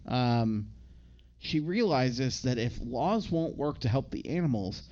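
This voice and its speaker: A man's voice: medium pitch, lively intonation, slow pace, mellow, dull audio. A man co-hosting a podcast, recapping a movie in a rambling casual chat with frequent laughs. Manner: rambling, laughs often, slips into impressions.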